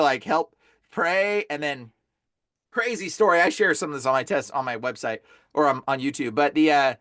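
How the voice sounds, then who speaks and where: A man guesting on a podcast who tells his story in an excited, casual way, full of "bro" and "like". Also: on the high side, dry recording, clean studio sound. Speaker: podcast guest, deliverance minister. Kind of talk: animated storytelling.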